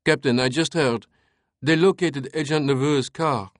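A keen young male lieutenant reporting in quick, short bursts, pitched well above a man's usual reading voice, as a male audiobook reader puts him on. The sound is dry and close. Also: dry recording, lightly acted. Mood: urgent. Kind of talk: audiobook character voice.

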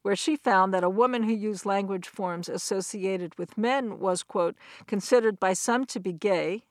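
A middle-aged woman giving a recorded academic lecture, explaining points step by step in a measured, clear way. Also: medium pitch, no room sound, studio quality. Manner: measured, explanatory, with quoted examples.

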